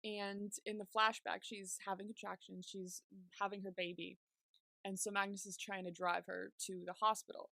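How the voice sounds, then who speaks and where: Woman podcast co-host, young adult, casual recap, creaky voice, dry close sound. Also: mid-range voice, flat delivery, normal speed, sharp tone, no room sound. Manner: chatty, many "like" fillers while retelling scenes.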